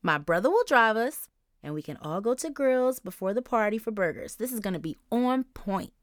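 A pushy, excitable teenage girl with a high, brassy voice, as a woman puts her on for an audiobook. She talks loud and fast. The recording is dry and close. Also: no room sound. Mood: gleeful. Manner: high, brash and quick.

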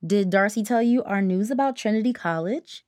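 A woman's voice: medium pitch, moderate pace, a little mellow, no room sound, studio quality, natural voice. A woman voicing a smug, sing-songy teenage girl in a storybook reading.

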